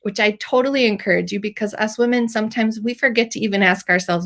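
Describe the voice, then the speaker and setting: A woman's voice: mid-range voice, fairly even intonation, a little fast. A middle-aged woman telling a personal faith story as a podcast host, emotional and teary at times, with many fillers. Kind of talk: personal testimony.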